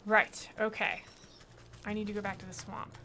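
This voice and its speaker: A woman's voice: mid-range voice, little pitch movement, moderate pace, bright, forceful tone, slight background noise. A woman streamer chatting casually to herself and her viewers as she plays a game. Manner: chatty, talks to herself and the chat. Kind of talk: casual gameplay commentary. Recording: game music playing behind.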